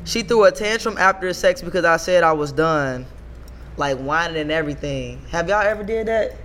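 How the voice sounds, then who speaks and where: A woman co-hosting a casual podcast chat, loud and laughing, full of crude banter. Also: fairly low pitch, expressive, normal speed, slight background noise. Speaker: podcast co-host.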